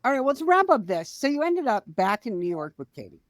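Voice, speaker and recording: A middle-aged woman co-hosting a podcast, telling a family story in casual chat, swinging between quiet and loud. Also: on the high side, big pitch swings, fairly quick, no room sound, clean studio sound. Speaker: podcast co-host.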